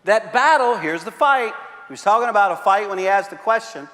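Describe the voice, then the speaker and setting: Male pastor, middle-aged, animated sermon storytelling, fillers and repeats, reverberant sanctuary. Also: sits high, a little fast. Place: church sanctuary. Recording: long reverb of a large church hall.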